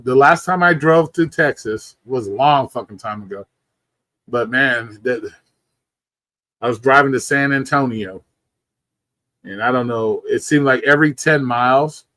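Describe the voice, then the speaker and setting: A man's voice: mid-range voice, a bit bright, dry recording. Sleepy, rambling man talking casually at home. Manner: rambling, profane, laid-back storytelling. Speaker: livestream host. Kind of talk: casual chat.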